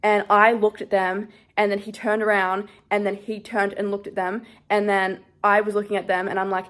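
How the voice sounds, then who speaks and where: A woman's voice: mid-range voice, steady tone, moderate pace, hardly any pauses, a bit bright. A young woman vlogger, shaky and scared, rambling through a story in casual chat with lots of "like". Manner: shaken, rambling, heavy use of "like".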